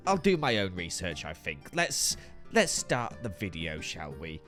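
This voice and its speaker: A man's voice: deep voice, a little slow, faint music behind. A man giving playful, self-mocking commentary as a Minecraft YouTuber. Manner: jokey, self-mocking, animated.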